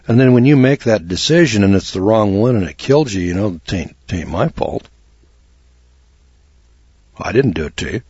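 A man's voice: lowish voice, lively intonation, moderate pace, pauses often, darkish tone, husky, dry recording, lo-fi sound. A man hosting a talk radio show, rambling in a folksy, blunt way with lots of fillers and restarts.

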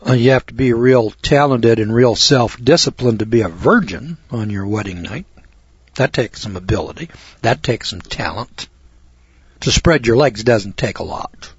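Blunt, rambling husky-voiced man on radio. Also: mid-range voice, animated, moderate pace, dry recording. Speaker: radio show host. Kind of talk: folksy radio talk show lecture. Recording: dull lo-fi radio recording.

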